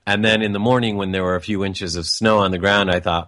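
A man's voice: deep voice, steady tone, a little fast, few pauses, fairly bright tone, no echo, clean studio sound. A man telling a personal family story in a reflective, meandering way, with frequent restarts and asides.

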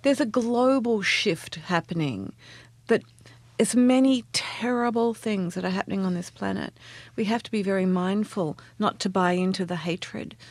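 A woman transformational coach, a guest in a casual interview, speaks at medium pitch and a moderate pace. Her storytelling is earnest and warm, with plenty of laughs, captured in a dry recording.

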